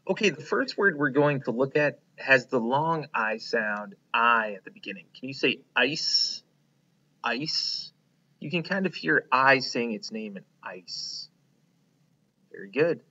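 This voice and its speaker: A man teaching a phonics lesson to young children, slowly prompting them to repeat words and praising them. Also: mid-range voice, expressive, pushed and bright, muffled recording. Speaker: kindergarten teacher.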